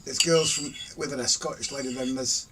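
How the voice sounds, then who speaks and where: A man's voice: mid-range voice, fairly even intonation, a little fast, sharp tone. A middle-aged man hosting a casual live stream, reading out viewer comments in a teasing, jokey way and laughing often. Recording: distant mic with faint ambient noise.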